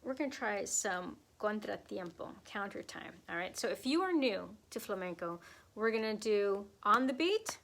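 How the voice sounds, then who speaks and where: A woman's voice: mid-range voice, lively intonation, normal speed, vocal fry, fairly bright tone. Brief: a woman, flamenco teacher on a live stream, chatty, encouraging, loose with fillers.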